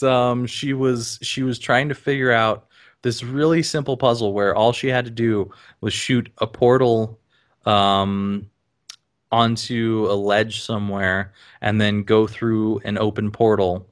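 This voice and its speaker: A man on a casual podcast, telling stories animatedly with lots of ums and sudden high-pitched laughter. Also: fairly bright tone. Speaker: podcast guest.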